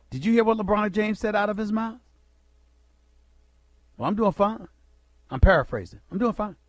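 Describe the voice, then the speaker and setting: A man with a high voice hosts sports radio and holds forth in a punchy, rhetorical monologue, firing questions at the audience and pausing for effect. The studio sound is dry and close. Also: no echo. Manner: emphatic, rhetorical, addresses listeners directly.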